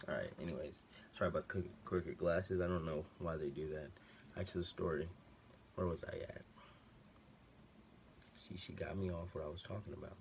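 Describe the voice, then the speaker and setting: A man's voice: deep voice, steady tone, moderate pace, gravelly, pauses often, a little mellow, slight background noise. A man vlogger telling a story casually at home, slangy and rambling, with many side digressions. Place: room at home with a TV on behind.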